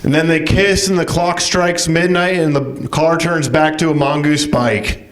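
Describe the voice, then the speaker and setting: A man's voice: fairly high pitch, fairly even intonation, unhurried. A man delivering a dry stand-up set on a club stage. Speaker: stand-up comedian.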